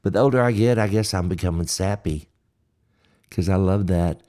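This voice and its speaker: A middle-aged man with a Texan accent, hoarse, hosting a folksy, joking livestream chat between hymns and reading viewer comments aloud. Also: deep voice, moderate pace, warm tone. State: hoarse, dry mouth. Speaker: gospel singer and livestream host. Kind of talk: casual livestream chat with hymn singing.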